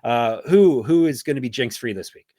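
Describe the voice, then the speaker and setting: A man's voice: medium pitch, lively intonation, moderate pace, warm tone, no room sound. Male podcast host, casual and chatty, jokey sign-off energy, dry mic. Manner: chatty, joking, plugs links.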